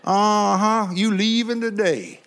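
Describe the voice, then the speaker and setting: A man voicing a big, loud churchwoman telling the devil off in a sassy drawl. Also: medium pitch, slow pace, pitched above the performer's own voice. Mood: defiant.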